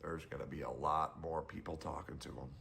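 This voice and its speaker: A man's voice: extremely low pitch, fairly even intonation, fairly quick, gravelly, a bit bright, a little hiss or hum. A young adult man streamer giving casual, blunt and profane commentary.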